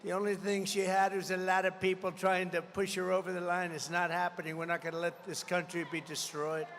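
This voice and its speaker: A man giving a campaign rally speech, combative and repetitive, hammering slogans with bursts of shouting. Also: sits high, little pitch movement, brisk, slight background noise. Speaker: political candidate at a rally. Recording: long reverb of a large rally venue.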